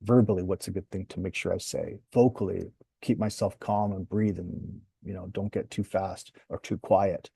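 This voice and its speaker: Male communication coach, low mellow voice, slightly husky, calm workshop teaching. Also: no room sound. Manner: calm, measured, acts out sample phrases.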